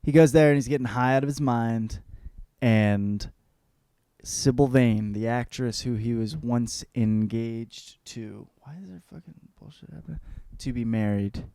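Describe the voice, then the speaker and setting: A man's voice: medium pitch, measured pace, smooth, dry recording, studio quality. A male podcast host giving a profane, rambling comedic book report. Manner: profane, rambling, animated riffing.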